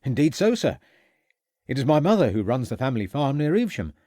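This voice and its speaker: A man's voice: mid-range voice, sing-song, fairly quick, warm tone, dry recording, studio quality, voice pushed up, lightly acted. A man voicing a cheerful country police constable who speaks respectfully and eagerly. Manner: respectful, eager, says sir often.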